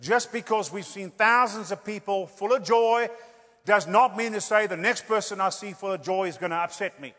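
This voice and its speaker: High-voiced man preaching revival sermon. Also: moderate pace. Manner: lively, swings between loud declarations and quiet asides, jokey. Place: large church hall. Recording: church hall with long reverb.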